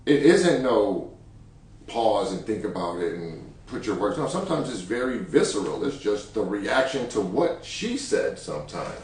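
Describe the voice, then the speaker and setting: A relaxed man co-hosts a frank talk show, speaking casually with slang and easy laughter in a lowish voice. He sits far from the mic in a very echoey room with faint background noise. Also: normal speed. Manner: relaxed, laid-back slang, laughs easily. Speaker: podcast co-host. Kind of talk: candid couple's chat.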